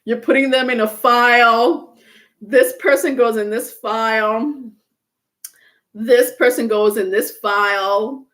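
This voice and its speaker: A woman giving a casual livestream tarot reading, rambling and halting, with many fillers and restarted words. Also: on the high side, fairly even intonation, fairly bright tone. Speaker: tarot reader.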